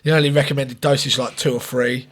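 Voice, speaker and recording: A man's voice: mid-range voice, little pitch movement, fast talker. A man, co-hosting a casual podcast with crude, jokey banter. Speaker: podcast co-host.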